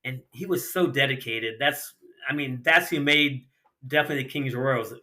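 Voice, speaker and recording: A middle-aged retired sprint car racer from Ohio guests on a podcast, telling casual, animated stories in slang and acting out the other people's dialogue. He speaks at a moderate pace in a mid-range voice.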